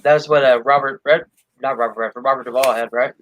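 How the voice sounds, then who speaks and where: A man joining a casual stream chat as a guest, talking in a hesitant, halting way with many pauses. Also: medium pitch, fairly even intonation, fairly bright tone, slight background noise, rough recording. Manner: hesitant, halting, lots of fillers.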